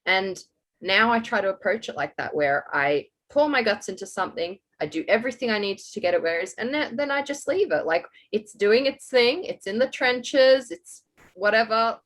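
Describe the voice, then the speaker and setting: Woman hosting a chatty podcast, mid pitch, thoughtful and encouraging. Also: animated, moderate pace, a bit bright. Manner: reflective, encouraging. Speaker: podcast host. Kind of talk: casual podcast chat.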